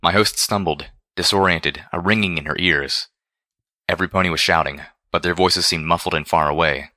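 A man reading a first-person story aloud in a measured, deliberate way. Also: low voice, steady tone, sharp tone, no echo, clean studio sound. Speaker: audiobook reader.

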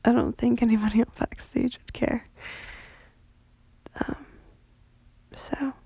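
A woman who has just woken up and is still congested and nasal from a cold, rambling casually in a soft voice with many fillers. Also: steady tone, slow, gravelly, breathy edge, no room sound, whispered. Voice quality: deeper than usual. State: just woke up, sleepy.

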